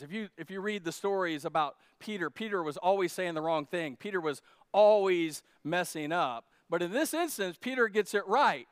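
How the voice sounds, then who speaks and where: A man's voice: sits high, clean tone, no echo, clean studio sound. A male pastor preaching a sermon at a church service in a joking, conversational way.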